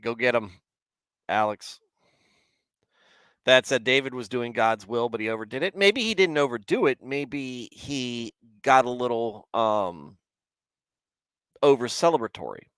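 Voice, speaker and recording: A man's voice: mid-range voice, lively intonation, moderate pace, fairly bright tone, clear, resonant tone, no echo. A man hosting a casual livestream Bible commentary, rambling with many restarts and stopping to chat with viewers. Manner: chats with live viewers. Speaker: host.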